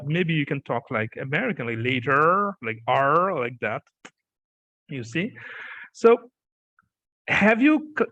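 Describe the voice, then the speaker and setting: A man's voice: medium pitch, no echo, poor audio. Chatty male interview host, dry sound. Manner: animated, laughs often, repeats "yeah" and "okay". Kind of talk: interview, casual chat.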